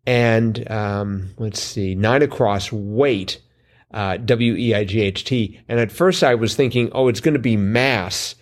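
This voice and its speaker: A man co-hosts a crossword podcast, chatting casually with wry puns and many fillers. His voice is lowish and his delivery a little slow.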